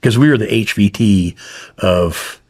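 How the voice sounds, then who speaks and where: A middle-aged man, a former hostage, is interviewed as a podcast guest. In a fairly low, unhurried voice he tells his story bluntly, with plenty of swearing.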